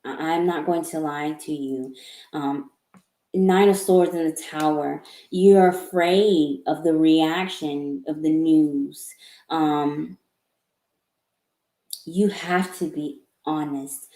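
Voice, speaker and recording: A woman's voice: deep voice, steady tone, takes it slowly, dark tone. A woman giving a live-streamed tarot reading. She stammers and repeats words, and she sounds apologetic and emotional. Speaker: tarot reader. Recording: echoey room.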